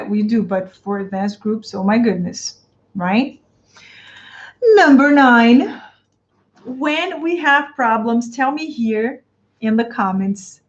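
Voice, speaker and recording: A Brazilian woman with a Brazilian Portuguese accent coaches English teachers on a live stream, answering viewer comments, speaking directly to the audience, and repeating her phrases. Her pitch is fairly high, and the stream audio sounds dull and lo-fi.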